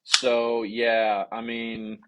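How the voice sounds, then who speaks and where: A man teaching sales negotiation on a live stream in an energetic, casual way, often checking in with "okay?" and reading viewer comments aloud. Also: medium pitch, very slow, very noisy. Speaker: sales coach.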